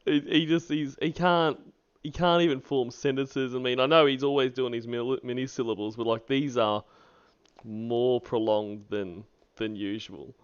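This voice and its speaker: A male host keeps up a casual, amused commentary, laughing often and swearing freely. His voice has an ordinary middle pitch. The sound is muffled and lo-fi. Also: steady tone, moderate pace, clean tone. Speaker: podcast host. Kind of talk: casual chat.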